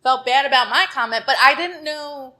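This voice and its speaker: With a high-pitched, bright, forceful voice at a moderate pace, a female hairstylist guests on a podcast. In a chatty manner she tells a story, performing the quoted dialogue and using "like" a lot.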